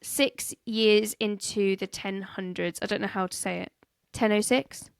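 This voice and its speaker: A woman's voice: mid-range voice, flat delivery, normal speed, creaky, clean tone, no room sound, clean studio sound. A woman co-hosting a casual history podcast, joking, laughing and stumbling over names. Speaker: podcast co-host.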